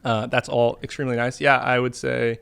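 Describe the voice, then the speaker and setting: A man being interviewed about his art, speaking in a thoughtful, halting way with frequent restarts. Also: mid-range voice, flat delivery, creaky, a bit bright. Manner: thoughtful, halting, self-correcting. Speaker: interview guest, artist. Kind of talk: casual interview.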